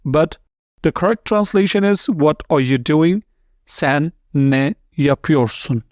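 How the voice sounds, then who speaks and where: A man teaching a language lesson, repeating words slowly and clearly, with small slips in his English. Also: on the high side, expressive, darkish tone, no echo, studio quality. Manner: non-native English with small grammar slips. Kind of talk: slow, deliberate language lesson.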